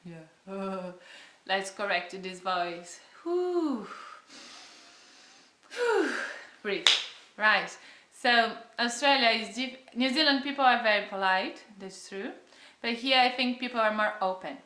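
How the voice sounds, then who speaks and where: A woman's voice: mid-range voice, fairly even intonation, a little slow, roomy sound, background noise. A young woman from Brazil with a Brazilian accent, chatting to camera in a casual vlog and often searching for words. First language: Portuguese. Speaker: vlogger.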